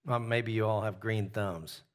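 A man leading a Bible study, teaching in a relaxed conversational way, often pausing with "uh" and putting questions to his listeners. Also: on the low side. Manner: asks the group questions, frequent "uh" fillers.

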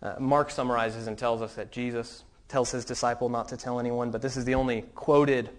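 A man's voice: medium pitch, steady tone, brisk. A man preaching a sermon as pastor, earnest and questioning, with some restarts.

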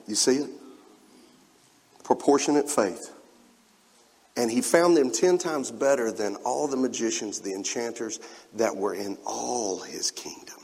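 A husky, mid-range male voice delivers an emphatic sermon in a church sanctuary, reading scripture and calling out to the congregation with spoken asides. His volume climbs and falls, echoing with the long reverb of a big hall.

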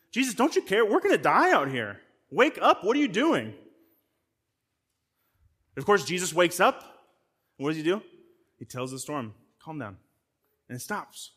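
A man preaching a sermon as a guest pastor, with a voice pitched a little above most men's. He talks to the congregation in a direct, conversational way. He often stumbles over and repeats short words as he goes. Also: a bit bright. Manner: frequent word repeats and restarts.

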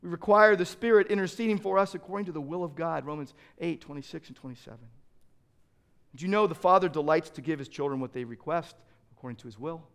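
A middle-aged man preaches from the pulpit in a voice that sits high for a man. He moves from loud, urgent emphasis to quiet, close asides. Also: fast talker, clean tone. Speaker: pastor. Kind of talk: sermon.

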